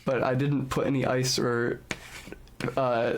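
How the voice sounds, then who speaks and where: A man's voice: medium pitch, little pitch movement, slow pace, noisy background. A young man streaming a game, chatting casually and explaining at length, with the odd swear. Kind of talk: live game stream chat.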